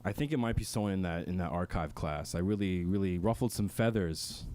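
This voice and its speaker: A man's voice: low voice, fairly quick, darkish tone. Boastful young man hosting student radio. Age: young adult. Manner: mock-boastful, playful, slips into silly voices. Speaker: host of a student radio talk show. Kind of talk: comedic radio talk show hosting. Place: student radio station studio.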